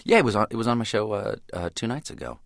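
Deep low-voiced guy, interview guest, thinking out loud, trails off and restarts, dead dry studio sound. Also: expressive, gravelly, dry recording. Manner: thoughtful, trailing off, with restarts and sudden fast bursts. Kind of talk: reflective radio interview.

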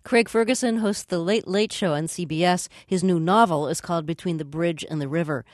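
A woman interviewing a guest on radio, asking measured questions from a studio. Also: on the low side, no room sound.

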